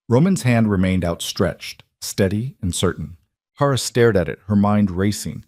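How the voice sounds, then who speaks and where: A man narrating a dramatic romance story in a measured storytelling voice. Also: fairly low pitch, a little mellow, no room sound, studio quality.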